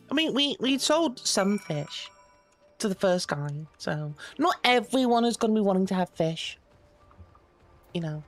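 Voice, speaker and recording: A woman's voice: mid-range voice, very animated, measured pace, faint music behind. A young British woman streaming a game, chatting playfully and reading the characters' lines aloud in their voices. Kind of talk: casual live-stream chat while reading game dialogue aloud.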